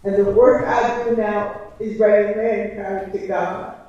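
A woman's voice: mid-range voice, fairly even intonation, measured pace, mellow, dull audio, a little hiss or hum. A woman giving an impassioned church testimony as a licensed preacher, with a preaching cadence and emphatic repetition. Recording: echoey church from a distance.

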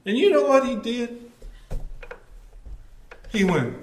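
A man's voice: very high-pitched, sing-song, slow, reverberant, slight background noise. A man preaching a conversational sermon, telling stories with wry asides. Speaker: pastor.

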